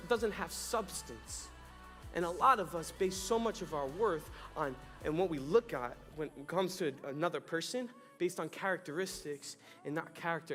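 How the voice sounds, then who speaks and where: A man's voice: high voice, fairly bright tone, big-room sound. A young adult man giving a youth sermon, telling the story with jokes and acted-out exclamations. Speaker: youth pastor. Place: church youth hall.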